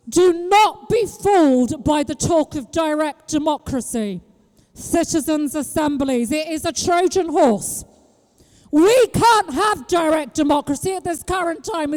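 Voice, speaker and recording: A woman from Britain giving an impassioned street rally speech, throwing rhetorical questions at the crowd and breaking into shouts. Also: very high-pitched, long reverb tail. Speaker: street activist speaking at a rally. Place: outdoor public square at a rally.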